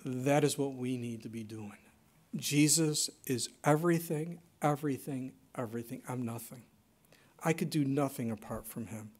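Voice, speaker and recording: A pastor preaching with a high, light voice. He swings between loud, emphatic bursts and soft, hushed lines. His sermon delivery is dramatic and conversational.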